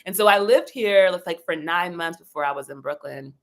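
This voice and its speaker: A woman hosting a casual livestream chat, animated and giggly, who acts out her own thoughts in a high voice. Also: normal speed. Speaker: livestream host.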